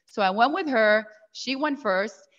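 A woman's voice: a little high, measured pace. A middle-aged woman, telling a story as a podcast guest and acting out the voices of the people she quotes. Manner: animated, acts out quoted voices. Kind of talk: casual storytelling. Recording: slightly dull lo-fi sound.

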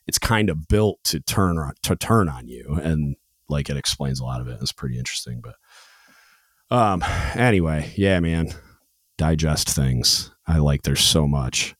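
A man's voice: a bass voice, dry recording, clean studio sound. A young man hosting a podcast in casual chat, rambling with lots of "like" and "dude". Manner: rambling, filler-heavy, says "like" and "dude" a lot. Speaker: podcast host. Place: home podcast studio.

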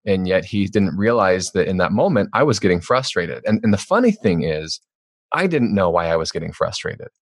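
A man's voice: low voice, normal speed, breathy edge, dry recording, studio quality. A man, an author and podcast guest, talking candidly and reflectively in a conversational interview. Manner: candid, reflective, animated when acting out quotes.

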